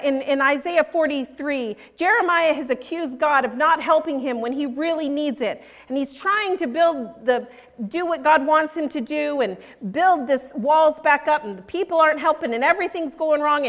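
A woman preaching a sermon, earnest and emphatic, softening her voice when she reads scripture. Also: high-pitched. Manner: earnest, emphatic, drops to soft intimate tones for scripture. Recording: long reverb of a large hall.

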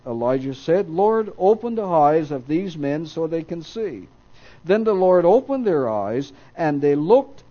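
Male preacher reading scripture, mellow voice, somewhat high, acts out the voices in the story. dull lo-fi recording. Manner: reads scripture aloud, acting out the quoted voices with raised pitch; stops to correct himself mid-reading.

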